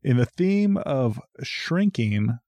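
A man with a mellow, dark voice chatting on a basement podcast, close to a dry mic. He reads listener messages with a deadpan, mock-formal air. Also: medium pitch, slow pace, no echo. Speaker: podcast co-host. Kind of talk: casual chat. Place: basement studio.

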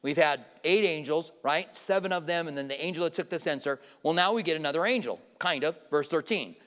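Male Bible teacher, higher-pitched, casual sermon delivery with audience questions, long hall reverb. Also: fairly quick, a bit bright. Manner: informal, questions the audience directly. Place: church hall with a live audience.

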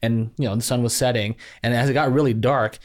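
A man's voice: mid-range voice, fairly even intonation, a little fast. A man hosting a casual interview, friendly and encouraging. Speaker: interview host.

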